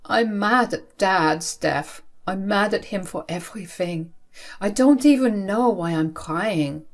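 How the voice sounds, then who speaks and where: A man's voice: high-pitched, takes it slowly. A woman voicing a grieving young man who is angry at his late father and confides in a broken, pained way. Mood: distraught.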